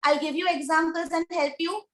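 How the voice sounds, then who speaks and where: A woman with an Indian English accent teaching grammar in an online class, speaking slowly and deliberately and repeating questions to her students. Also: very high-pitched, fairly even intonation, a bit bright, a little hiss or hum. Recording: echoey room.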